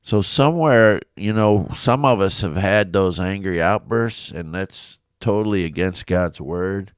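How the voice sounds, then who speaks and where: A man's voice: low-pitched, unhurried, clean tone, dry recording. A middle-aged man, a pastor with a big coach's voice, telling a personal story in a devotional podcast, earnest and confessional with many restarts, recorded in his home office studio.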